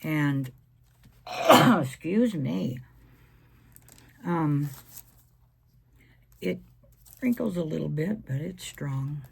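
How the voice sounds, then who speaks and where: A woman talks viewers through her painting in a hoarse voice that keeps slipping into a whisper. Her delivery is slow and unhurried, with a gravelly, creaky edge. She murmurs friendly asides as she works. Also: low voice, lively intonation. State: losing her voice. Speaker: craft video host. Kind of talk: painting tutorial chat.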